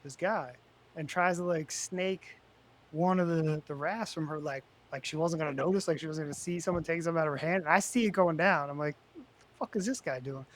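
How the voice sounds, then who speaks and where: High-voiced man telling animated stories. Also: brisk. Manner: animated storyteller, loud and high when retelling confrontations. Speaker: podcast co-host. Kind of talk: casual podcast banter and storytelling.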